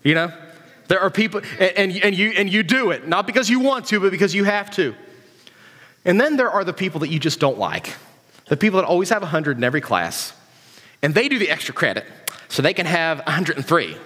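A man's voice: high voice, very animated, brisk, sharp tone. A man giving a casual, conversational sermon to young people, repeating himself and asking rhetorical questions. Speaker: preacher. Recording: long hall reverb.

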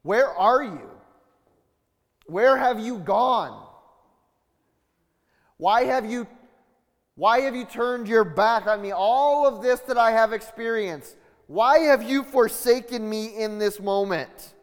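A man acting out a desperate, forsaken man whose voice climbs high and strains as he pleads. The cries ring through a big hall with a long echo trailing after each line. It sounds slow and drawn out. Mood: anguished pleading. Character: anguished man crying out, abandoned and desperate. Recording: long reverb of a large hall.

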